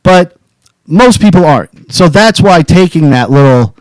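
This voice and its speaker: A man's voice: fairly high pitch, animated, normal speed, dry recording, poor audio. A man co-hosting a casual advice talk show, brash and boastful, cursing freely as he talks. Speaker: podcast co-host.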